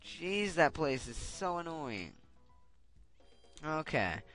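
A man's voice: fairly high pitch, sing-song, slow pace, a bit bright. A young man giving casual gameplay commentary, getting frustrated and swearing as he rants. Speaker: Let's Play commentator. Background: game music.

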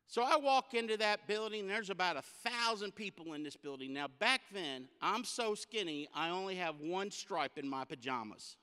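Male guest preacher, comic storyteller, high bright tone, long hall reverb. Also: lively intonation, normal speed, hardly any pauses, smooth. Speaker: guest speaker. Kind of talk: humorous sermon storytelling. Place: church sanctuary.

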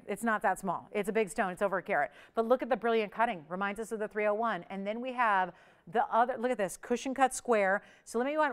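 A woman hosting a live shopping channel, giving an upbeat, persuasive sales pitch straight to the viewers. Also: smooth.

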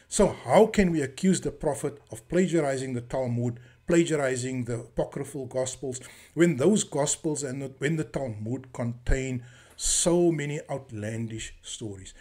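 A man giving an impassioned religious lecture, challenging his critics, slowing down to stress key words and reciting verses quickly. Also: fairly high pitch, a little mellow. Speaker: religious commentator.

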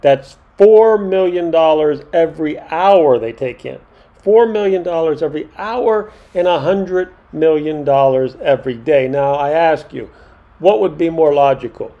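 Middle-aged male vlogger, slightly high voice, indignant rant, hammers points home by repeating them. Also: measured pace, highs cut off. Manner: indignant, ranting, repeats himself for emphasis. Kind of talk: monologue to camera.

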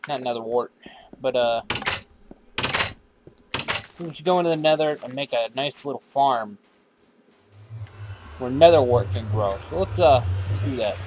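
A man's voice: medium pitch, unhurried, pauses often, noisy background. A man hosting his own game series in casual commentary, rambling, swearing freely and talking back to the characters on screen. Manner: drifts into random put-on accents.

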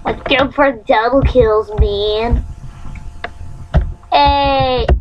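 A high-voiced woman chatting through a game as she plays, excitable and full of gleeful sound effects, yet drawling her words slowly. The lo-fi computer-mic recording is dull, with a faint hum underneath. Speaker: gamer. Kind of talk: live gameplay commentary.

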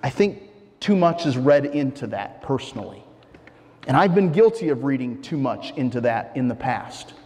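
A man's voice: mid-range voice, lively intonation, moderate pace, a little mellow, big-room sound. A male pastor preaching a conversational sermon, explaining a point and asking the listeners rhetorical questions.

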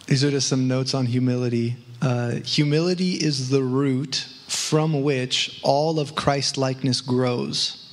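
Man, church teacher, unhurried delivery, reads his notes plainly. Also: mid-range voice, steady tone. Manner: reads brief notes, measured. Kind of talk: sharing sermon notes in discussion.

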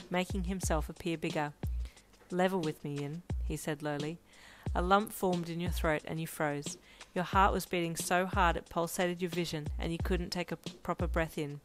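Woman softly narrating a fanfic. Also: on the low side. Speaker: fanfiction reader. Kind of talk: audio story narration.

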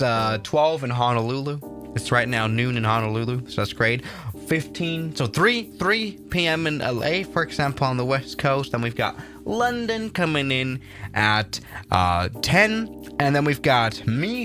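Give me an excitable man streaming a flight sim, lively pitch. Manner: excitable, chatty, often restarts sentences. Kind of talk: casual livestream commentary.

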